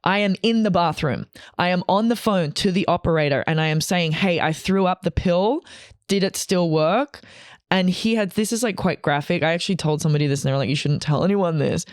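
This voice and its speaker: A woman's voice: lowish voice, fast talker, hardly any pauses, no echo, studio quality. Profane rambling woman telling a story. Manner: rambling, profane, emotional, many restarts. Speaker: comedian guest. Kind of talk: candid storytelling chat.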